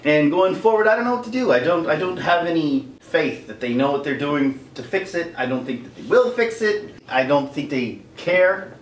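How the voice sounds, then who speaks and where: A man's voice: a little high, sing-song, normal speed, few pauses, a little hiss or hum. A man ranting to camera in a vlog, exasperated and rambling, with many restarts. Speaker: YouTuber. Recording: roomy echo.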